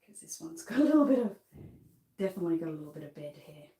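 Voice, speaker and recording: A middle-aged Australian woman shows off dolls for sale in a bubbly, chatty live sales showcase, often laughing at herself. Her voice is low-ish, mellow, very animated, and quick, recorded with a roomy echo.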